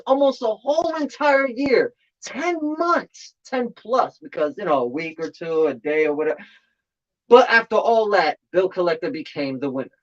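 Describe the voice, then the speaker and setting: A man in casual commentary on a battle rap tournament, talking in an animated way and repeating phrases for emphasis. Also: high voice. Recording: slightly dull lo-fi audio.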